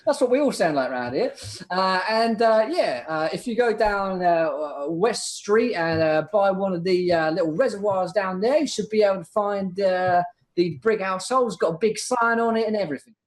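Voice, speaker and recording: A man's voice: sits high, expressive, very slow, few pauses, fairly bright tone, pitched above the performer's own voice, exaggerated voice. A man voicing a cheerful, gullible townsman who gives directions in an exaggerated English voice. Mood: chummy. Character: chatty male townsfolk guide, cheerfully gullible.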